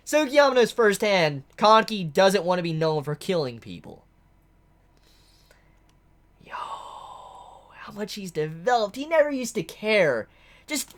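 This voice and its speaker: A manga reviewer reacting aloud while reading a chapter, thinking out loud, restarting sentences and breaking into delighted shouts. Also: medium pitch.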